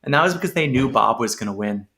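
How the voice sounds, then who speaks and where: A man co-hosting a casual chat podcast with a bright, forceful tone. He talks eagerly and sounds enthusiastic about what comes next. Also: mid-range voice, lively intonation, quick pace, vocal fry. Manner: chatty and enthusiastic. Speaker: podcast co-host.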